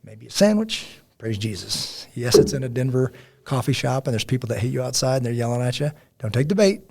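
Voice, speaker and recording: A man hosting a casual faith podcast, telling stories in a rambling, animated way with many fillers. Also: medium pitch, a little fast, vocal fry, a little hiss or hum. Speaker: podcast host.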